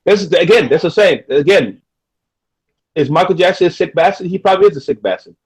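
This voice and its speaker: A man's voice: high-pitched, animated, brisk, slightly rough, poor audio. A man co-hosting a podcast, arguing defensively and repeating himself to insist on what he said. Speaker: podcast co-host. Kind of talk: casual debate.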